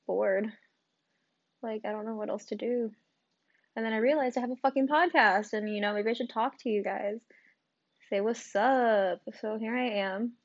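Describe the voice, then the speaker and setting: A gravelly, mid-range female voice comes through a muffled recording with no echo. She's a twentysomething hosting her own podcast, still recovering from covid, coughing and short of breath as she rambles casually, filling the chat with ums, likes and swearing.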